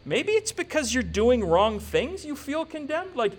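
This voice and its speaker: A man preaching a sermon in a conversational, joking way, slipping into quick quoted asides. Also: extremely high pitch, sing-song. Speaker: pastor.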